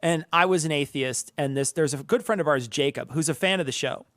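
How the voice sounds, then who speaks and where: A man from Northern Illinois co-hosting a podcast, talking in a rambling, animated way with restarts and swearing. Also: on the high side, brisk, no room sound, clean studio sound. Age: adult, past college. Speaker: podcast co-host. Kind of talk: casual chat.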